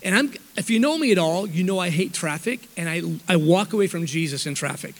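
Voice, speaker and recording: This man's high-pitched voice is animated and brisk as he spins a self-mocking, wandering tale for a church congregation. He keeps stopping to fix what he's saying partway through, and the sound carries a long hall echo.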